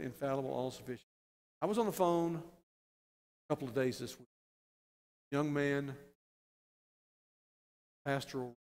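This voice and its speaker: A man preaching a sermon as pastor, building to loud, emphatic, stressed phrases. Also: mid-range voice, gravelly. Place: church sanctuary. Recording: long church reverb.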